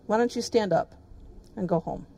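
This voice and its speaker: A woman quoting a calm, quiet male teacher. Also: moderate pace, vocal fry, dry recording. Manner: quiet, low-key delivery.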